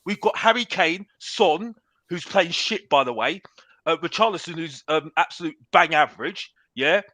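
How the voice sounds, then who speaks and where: A man's voice: on the high side, expressive, moderate pace, bright, forceful tone, dry recording. A man ranting in a heated football debate, repeating "bruv" and talking over the others. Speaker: panelist on a football talk show.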